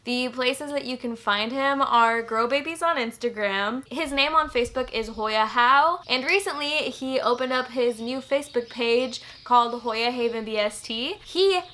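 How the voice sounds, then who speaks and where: A woman's voice: on the high side, moderate pace, hardly any pauses, sharp tone. A young woman from Texas, chatting through a plant unboxing for her channel, teary and gushing, full of "like.". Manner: chatty, gushing, filler-heavy. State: teary and emotional. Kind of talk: casual unboxing vlog.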